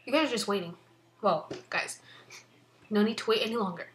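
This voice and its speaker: Young woman, casual bedroom vlog, excited, rambling, frequent swearing, occasional whispers, mid-pitched voice, light background noise. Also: fairly quick. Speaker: vlogger. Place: her bedroom at home.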